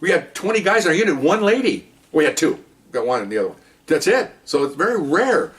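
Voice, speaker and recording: Retired cop in his sixties, rapid-fire animated storyteller, mic set back. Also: a little high. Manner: animated, acts out sounds and voices, frequent "okay" and "you know". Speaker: retired police officer. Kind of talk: casual storytelling. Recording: voice a bit far from the mic.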